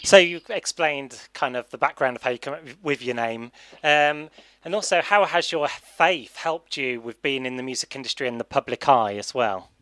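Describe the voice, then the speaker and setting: A man's voice: medium pitch, expressive, normal speed, pushed and bright, no room sound. A man hosting a radio interview who asks his questions with some hesitation and repeated words. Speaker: radio DJ host.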